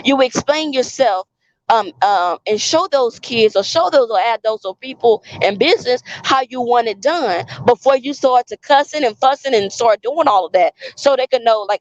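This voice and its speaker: A woman's voice: fairly high pitch, lively intonation, normal speed, dull audio. A woman vlogger talking in an earnest, preachy way, repeating phrases for emphasis. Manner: preachy, cites scripture. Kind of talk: casual spoken monologue.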